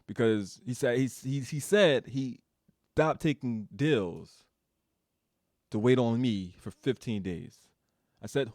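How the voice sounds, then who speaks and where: A man giving a casual developer update, telling a story in an animated, ranting way, laughing often and swearing. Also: mid-range voice, moderate pace, dry recording, studio quality.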